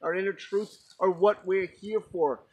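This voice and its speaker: A man's voice: sits high, fairly even intonation, measured pace, a little mellow, husky, highs cut off, pitched above the performer's own voice. A man voicing a group of panicked male monks, pleading in alarm.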